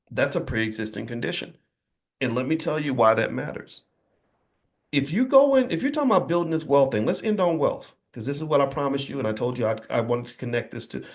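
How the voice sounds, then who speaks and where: Animated, emphatic male motivational speaker. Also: mid-range voice. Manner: emphatic, preacher-like cadence with repetition; folksy, blunt asides. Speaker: motivational speaker addressing a live audience. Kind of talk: motivational speech.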